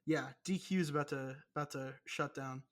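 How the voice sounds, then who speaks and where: A man's voice: a little high, brisk, fairly bright tone. Profane, rambling young man. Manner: profane, rambling, self-mocking. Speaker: podcast co-host. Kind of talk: casual chat.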